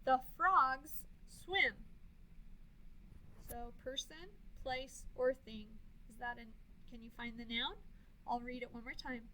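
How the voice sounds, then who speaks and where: A woman teacher leading a phonics lesson, sounding words out slowly and clearly with counting pauses. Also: sits high, pushed and bright, a little hiss or hum, low-quality recording. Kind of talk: early reading phonics lesson.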